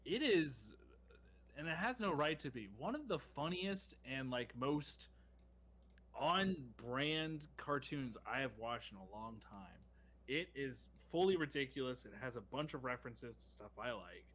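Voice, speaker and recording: A man's voice: medium pitch, animated, a little slow, a bit bright. A young man co-hosting a podcast, chatting casually and enthusiastically with plenty of fillers and restarts. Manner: rambling, enthusiastic, many fillers. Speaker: podcast co-host. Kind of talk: casual chat.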